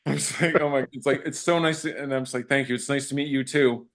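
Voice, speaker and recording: A man's voice: on the high side, brisk. Actor guy chatting in an interview, keeps acting out what people said, lots of restarts. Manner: animated retelling with acted-out quotes and restarts. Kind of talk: casual storytelling in an interview.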